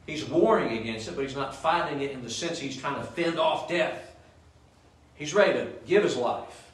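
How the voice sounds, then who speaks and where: A pastor's sermon, recorded from a distance in a reverberant church sanctuary, features a man speaking at normal speed with a fairly high pitch. He regularly pauses to ask the congregation "Amen?"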